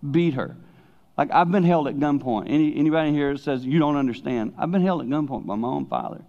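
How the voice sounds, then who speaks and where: A man's voice: on the high side, quick pace. Older male preacher, dull lo-fi sound. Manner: animated preaching, swinging between loud emphasis and hushed asides. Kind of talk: sermon. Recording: dull lo-fi recording.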